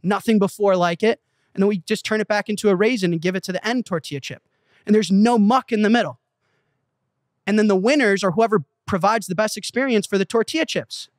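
Fast, excitable man telling a story. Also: high-pitched. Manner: excitable, profane, emphatic. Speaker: interview guest, company CEO. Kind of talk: animated storytelling in a casual interview. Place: Malibu.

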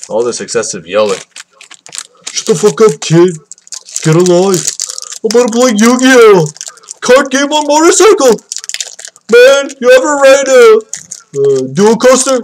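Excitable high-voiced man yelling at card pulls. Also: a little slow, long pauses, slight background noise. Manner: swings between loud yelps and low mumbling; crude, joking self-mockery. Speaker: card unboxing vlogger. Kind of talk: excitable unboxing commentary. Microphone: cheap computer mic that cuts out.

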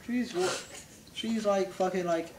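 A gamer jokes around and swears a lot in casual let's-play chat, speaking in a medium-pitched, darkish voice at a measured pace. The recording comes from a distant mic in a roomy space and has slight background noise.

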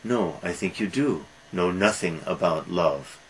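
A man's voice: deep voice, animated, a little slow, a little hiss or hum, poor audio. A man voicing a proud, self-absorbed young composer in a retold film scene. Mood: earnest.

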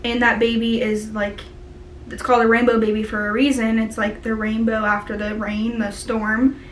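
Young woman, mother, heartfelt vlog talk, higher-pitched, roomy echo. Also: flat delivery, a little hiss or hum. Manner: earnest and heartfelt, with many pauses and fillers. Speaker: mother sharing her baby's story. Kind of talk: personal vlog talking to camera. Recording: echoey room.

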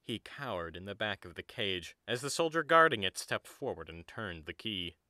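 A man narrating an audio drama in an even storybook manner. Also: fairly low pitch, normal speed, dry recording, clean studio sound. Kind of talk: scripted narration.

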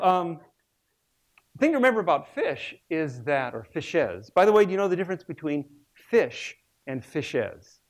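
A man in his sixties, a research biologist, giving a public lecture with humorous storytelling. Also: on the high side.

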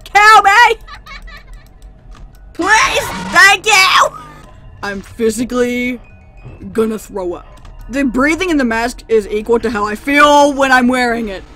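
Faint music sits behind this gaming channel host's fairly high, slightly bright voice as she talks at a moderate pace. Her horror game commentary is sarcastic, with plenty of talking back to the characters, until the jump scares make her scream into the desk microphone.

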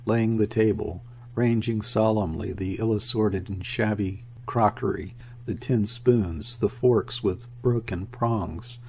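A man reading a classic novel aloud in a measured, even storytelling manner. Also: fairly low pitch, a little hiss or hum. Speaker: audiobook reader. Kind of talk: audiobook narration of a classic novel.

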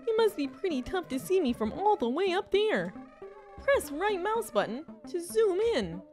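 A woman voicing a bubbly, cheerful game guide creature who gives slow, sing-song instructions. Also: extremely high pitch, big pitch swings, darkish tone, faint music behind, pitched above the performer's own voice. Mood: chirpy.

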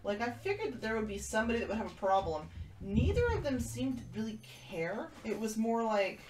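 A woman's voice: fairly high pitch, lively intonation, brisk, darkish tone. Casual livestream host, woman, talks to pets and reads comments aloud; room echo, mic off at a distance, faint hiss. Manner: chatty, talks to kittens and reads viewer comments. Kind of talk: casual chat with viewers. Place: room with kittens.

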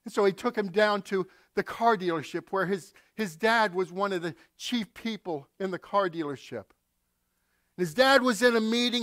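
A man's voice: high-pitched, moderate pace, fairly bright tone, dry recording, clean studio sound. A male pastor preaching a sermon, telling stories and acting out quotes with asides to the congregation.

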